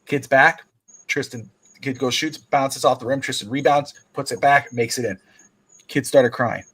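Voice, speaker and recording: A man co-hosting a sports talk stream, telling a long story about coaching kids' basketball in casual chat, jumping high in pitch when acting out quotes. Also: fairly even intonation, moderate pace, fairly bright tone, husky, rough recording. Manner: rambling storyteller, acts out quotes with big pitch jumps. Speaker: podcast co-host and youth basketball coach.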